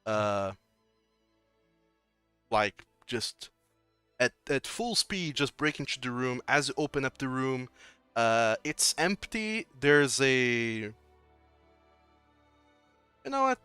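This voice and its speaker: Game master, man, bright smooth voice, casual filler-heavy narration of a tabletop session. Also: mid-range voice, lively intonation, slow, pauses often, dry recording, faint music behind.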